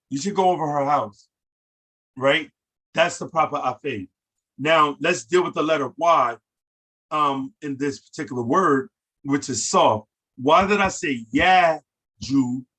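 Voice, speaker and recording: A man teaching a casual language lesson, who repeats words slowly and overstresses sounds for learners to copy. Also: on the high side, sharp tone.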